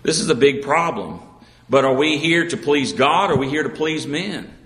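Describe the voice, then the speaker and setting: A man's voice: a little high, animated, moderate pace, a bit bright, roomy sound, long reverb tail. A man preaching an evening sermon in an earnest way, reading scripture aloud and asking the congregation rhetorical questions.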